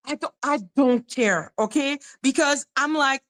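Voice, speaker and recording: Woman host, casual stream commentary; sharp forceful tone, fairly high voice, blunt and condescending. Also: unhurried, few pauses. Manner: swears freely, repeats herself.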